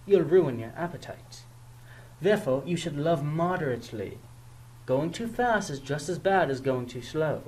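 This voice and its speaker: Lively student audio-drama voice. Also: medium pitch, slight background noise, poor audio. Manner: shifts between characters, swinging from hushed to loud. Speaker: student performer voicing every part. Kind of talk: homemade audio drama acting.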